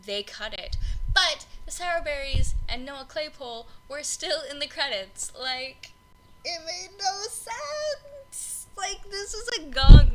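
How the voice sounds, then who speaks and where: A woman's voice: high-pitched, slight background noise, poor audio. A young woman hosting a podcast, ranting about a film in an unscripted, rambling way, full of fillers and swearing. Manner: rambling, frequent fillers, exasperated, swears freely. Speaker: podcast host reviewing film adaptations. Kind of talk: unscripted casual rant.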